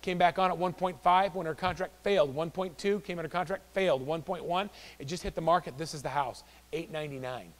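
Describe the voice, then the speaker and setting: A man giving a live real estate training seminar, telling stories in an animated way and acting out the voices of the people in them. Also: fairly high pitch, fast, few pauses, in a large hall. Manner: animated, acts out quoted voices. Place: office training room.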